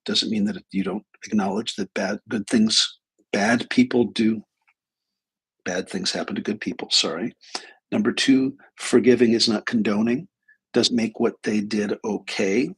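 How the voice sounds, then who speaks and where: Male trainer, low husky rasp, relaxed flippant storyteller. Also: measured pace, rough recording. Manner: flippant and irreverent. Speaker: speaker and trainer. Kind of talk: casual live talk with storytelling.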